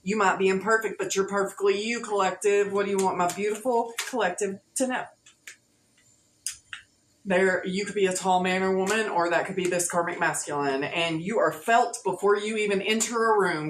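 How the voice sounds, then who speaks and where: A woman's voice: mid-range voice, moderate pace, a little hiss or hum. A woman giving a casual tarot reading to her viewers, playful and slangy, often laughing. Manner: playful, laughing, slangy, sings snatches of songs. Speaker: tarot reader. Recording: echoey room with faint ambience.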